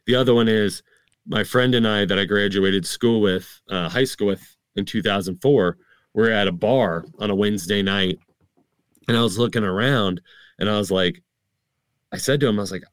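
A man's voice: lowish voice, no room sound. A man in his thirties, a stand-up comedian, chatting casually and acting out his jokes. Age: 30s. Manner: animated, acts out jokes with quick asides. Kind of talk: casual chat about comedy bits.

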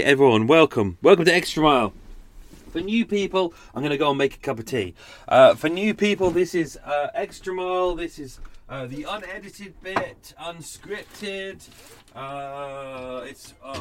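Brief: male podcast host, loose rambling chat, faint hiss behind, lively. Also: mid-range voice. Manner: rambling, chatty, yawning, talking while doing chores. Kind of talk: casual unscripted chat. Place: narrowboat cabin.

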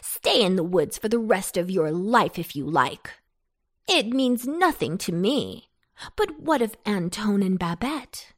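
A woman's voice: mid-range voice, sing-song, no room sound, studio quality. Woman playing a scolding, no-nonsense witch, storybook read-aloud. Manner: brisk, scolding. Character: brisk, bossy Halloween witch woman.

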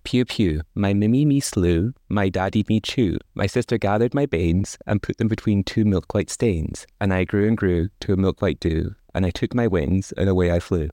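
A man reciting as a soft-chanting magic dove. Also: deep voice, normal speed, hardly any pauses, dry recording, clean studio sound, lightly acted.

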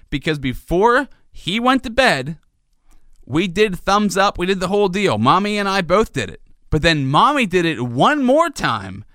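A man hosting a show, telling a long comic story in a rambling, animated way. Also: on the high side, no echo, clean studio sound. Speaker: host, father of a toddler. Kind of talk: comedic monologue.

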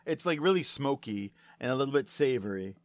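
A man's voice: medium pitch, expressive, a little fast. A man co-hosting a comedy podcast, trading joking, self-deprecating banter while drinking beer. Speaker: podcast co-host. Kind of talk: casual comedic chat.

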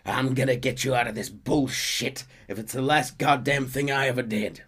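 A man voicing a weary, dying outlaw who speaks quietly and earnestly to his brother in arms. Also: medium pitch, fairly even intonation, normal speed, slightly rough, voice pushed up. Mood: grim.

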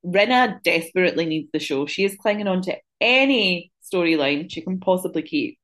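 Blunt woman co-host, low-ish voice, opinionated casual chat. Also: lively intonation, normal speed, a bit bright. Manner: blunt, opinionated, swears freely. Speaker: podcast co-host.

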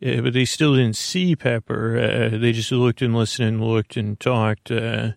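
A man's voice: mid-range voice, fairly even intonation, unhurried, creaky, no echo, clean studio sound. A man hosting and telling a bedtime story, rambling along with many uhs and restarts. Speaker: storyteller host.

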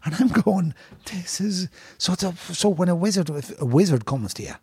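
An Irishman co-hosting a casual podcast chat, telling a story in an excitable, rambling way with plenty of swearing. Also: fairly high pitch, a little fast, breathy edge, no echo. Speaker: podcast co-host. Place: pub.

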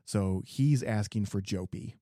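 Podcast co-host, Midwestern man, low mellow voice, dry close sound, lively storyteller. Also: measured pace, dry recording. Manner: animated, acts out customers in quoted voices. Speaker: garden center worker. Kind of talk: casual storytelling chat.

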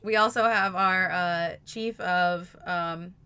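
Young woman cohosting a chatty podcast, bright tense voice, animated, lots of likes. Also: fairly low pitch, slow pace, clean tone. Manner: animated, acts out her own past lines with many "like"s. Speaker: podcast co-host. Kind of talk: casual chat.

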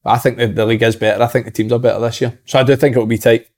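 A man's voice: medium pitch, flat delivery, very fast, a little mellow. A Scottish man co-hosting a football podcast, giving firm opinions in casual chat. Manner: opinionated, repeats words.

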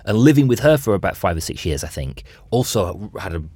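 A man in his thirties hosting a podcast, with a softened Bolton accent. His voice sits low and husky, and he talks in a reflective, halting way. The sound is dry and close. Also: sing-song, no room sound. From Bolton, Greater Manchester. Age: 30s. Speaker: podcast host and radio presenter. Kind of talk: casual chat.

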